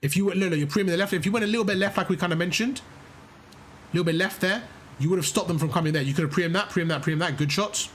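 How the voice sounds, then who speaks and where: A gaming coach talks a player through live gameplay, encouraging them and explaining step by step, often repeating himself. His voice sits high and he talks fast, with a little hiss or hum in the audio.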